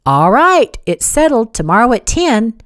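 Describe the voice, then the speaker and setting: Give me a commanding older father, as a woman reader plays him, loud and brisk. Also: a little high, big pitch swings, no echo, studio quality, voice pushed up. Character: authoritative older father, mediator.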